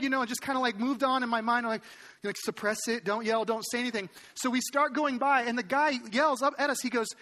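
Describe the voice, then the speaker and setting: High, bright-voiced pastor telling a story. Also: male voice, a little fast. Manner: animated, acts out quoted lines. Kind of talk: storytelling sermon.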